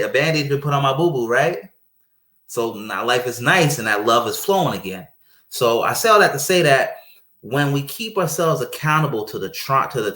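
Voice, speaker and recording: Guy telling marriage stories, pretty lively, acts out what people say, roomy echoey sound. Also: mid-range voice. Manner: animated storyteller, acts out quoted speech. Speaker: guest speaker on marriage. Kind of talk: casual conversational preaching. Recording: roomy echo.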